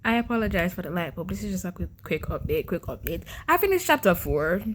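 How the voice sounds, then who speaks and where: A woman's voice: lowish voice, very animated, fast, slight background noise. A young adult woman talking casually to camera in a reading vlog, exasperated, often stammering and repeating herself and firing rhetorical questions at her viewers. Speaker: book vlogger.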